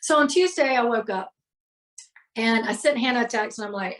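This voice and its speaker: A woman's voice: on the high side, lively intonation, moderate pace, a bit bright. A middle-aged woman, a healer and podcast guest, candidly retelling a hard personal day with emotion and lots of fillers.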